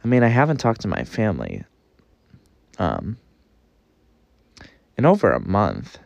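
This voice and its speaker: A man's voice: on the low side, huge pitch swings, unhurried, creaky, no echo, muffled recording. A young man hosting a confessional podcast, talking in a candid, profane, campy way. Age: young adult. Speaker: podcast host.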